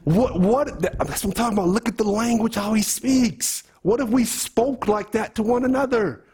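A man's voice: high voice, normal speed, darkish tone, husky. A man preaching a sermon, teaching through a letter in casual, emphatic speech that repeats words and mixes scripture with everyday talk.

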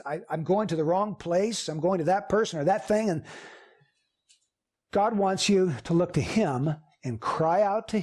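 A male pastor delivers a sermon in a church. His voice sits fairly high for a man, and he preaches earnestly, driving points home through repetition. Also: darkish tone. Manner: earnest, emphatic preaching with repeated phrases.

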